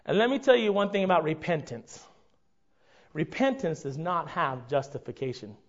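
A man preaching a conversational sermon to his congregation, often checking in with a quick "right?". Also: high voice, animated. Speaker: pastor. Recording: dull lo-fi recording.

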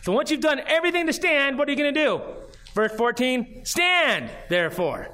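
A man's voice: extremely high pitch, very animated, brisk, sharp tone. A man, a pastor, preaching a sermon in an earnest way, reading scripture aloud and pressing his points with repeated questions. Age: adult, grew up and did junior high marching band.

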